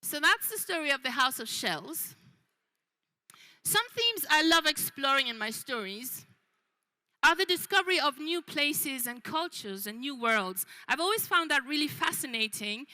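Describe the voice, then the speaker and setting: Woman, children's author, high and sharp-toned voice, book fair talk, lots of ums and restarts. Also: animated, measured pace, poor audio. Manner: unscripted, frequent ums and restarts.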